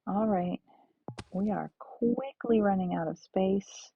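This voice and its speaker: A woman's voice: medium pitch, slow, slightly rough, dry recording, faint music behind. A woman streaming a farming game, chatting and thinking aloud to her viewers. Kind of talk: casual let's-play chat. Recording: dull lo-fi stream audio.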